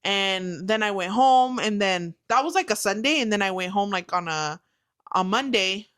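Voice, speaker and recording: A woman's voice: mid-range voice, expressive, moderate pace, a bit bright, clean tone. A young woman chats casually as a guest and tells her story in a loose, swearing, storytelling way. She often slips into other people's voices for the quotes. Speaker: guest, new mother. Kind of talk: casual chat.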